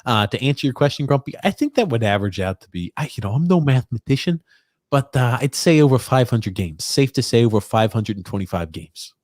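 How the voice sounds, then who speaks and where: A man's voice: mid-range voice, very animated, a little fast, darkish tone, no echo, clean studio sound. A man hosting a sports podcast, laid-back and rambling, with many fillers, taking calls and reading comments. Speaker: podcast host. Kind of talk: casual sports chat.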